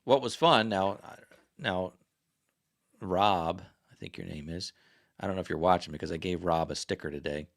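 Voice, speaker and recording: A man's voice: low-pitched, normal speed, creaky. A man hosting a casual livestream chat, rambling and chatty and often correcting himself. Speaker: livestream host.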